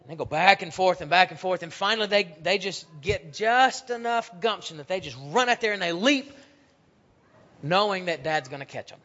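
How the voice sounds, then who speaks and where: A man preaching a sermon with a voice pitched a bit above the usual for a man. He tells stories and acts out the voices in them, swinging from loud passages to hushed ones. The recording sounds dull and lo-fi. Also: animated, moderate pace.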